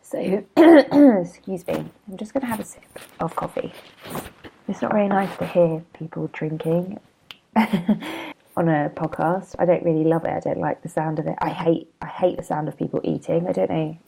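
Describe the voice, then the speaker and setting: Low, gravelly woman podcasting. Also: moderate pace, dark tone, rough recording. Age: 30s. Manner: chatty and self-deprecating, rambling with digressions. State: hungover and yawning. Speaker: podcast host and blogger. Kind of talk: casual solo podcast monologue.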